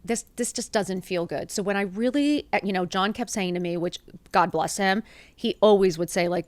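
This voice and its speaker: A woman in her fifties tells her own story as a podcast guest. She talks quickly and with feeling, swears freely and acts out quoted lines in her own voice. The recording is dry and close, with no room sound. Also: medium pitch, a little mellow, dry recording. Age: 50s. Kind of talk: candid storytelling interview.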